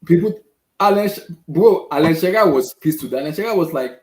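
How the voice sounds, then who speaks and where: In an echoey room, a football fan channel host rants casually, his voice on the high side, a little mellow, animated and brisk. He's clearly exasperated, repeating himself as his frustration shows.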